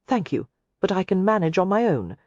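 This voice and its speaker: A woman voicing a proud, determined young woman doctor who speaks crisply and pragmatically in an audiobook. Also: mid-range voice, big pitch swings, fairly quick, darkish tone, no echo, muffled recording.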